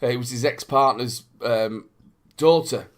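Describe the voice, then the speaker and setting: A man in a casual podcast chat who jokes and teases the others. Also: medium pitch. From northern England. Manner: jokey, quick to tease.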